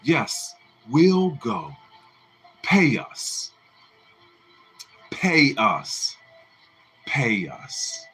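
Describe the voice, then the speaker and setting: A fed-up woman cook, booming and belligerent, as a male narrator puts her on. Her defiant demands come slow and hammered home, with wide swings in tone. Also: animated, a bit bright, slightly rough, exaggerated voice.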